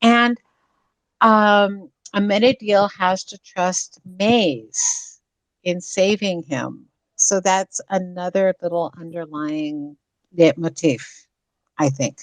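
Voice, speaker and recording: Slow, low-voiced woman talking it through. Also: no room sound, rough recording. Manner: slow, explanatory, with many uh fillers. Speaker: podcast panelist. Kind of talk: casual fan discussion.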